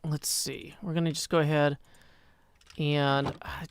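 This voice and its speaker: A man's voice: on the high side, flat delivery, measured pace, slight background noise. A man in his thirties hosting a casual live game stream, chatting wryly with viewers and muttering to himself as he plays. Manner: chatty, wry, reads chat aloud, mutters to himself. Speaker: livestream host. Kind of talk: casual live-stream chat while gaming.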